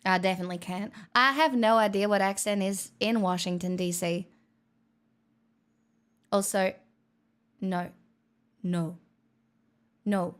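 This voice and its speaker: A young adult woman streaming, reading chat aloud in a playful, teasing casual chat. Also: medium pitch.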